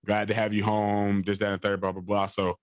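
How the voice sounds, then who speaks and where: A man's voice: fairly low pitch, completely flat delivery, brisk, no room sound. A young adult man, a college football player, telling a long rambling story in an interview, repeating phrases and leaning on fillers.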